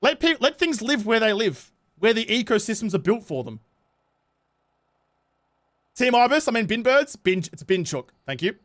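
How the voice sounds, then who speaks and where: A man's voice: high voice, very animated, normal speed, pauses often, a bit bright. A man with a New Zealand accent, streaming a game and chatting casually, swearing often and ranting passionately. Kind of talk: casual livestream chat while gaming.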